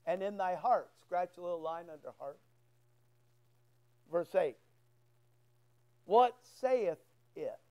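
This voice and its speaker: A man's voice: high-pitched, unhurried, pauses often, a little mellow. A male pastor preaching a sermon in church, telling a folksy story and acting out both sides of a conversation. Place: church sanctuary.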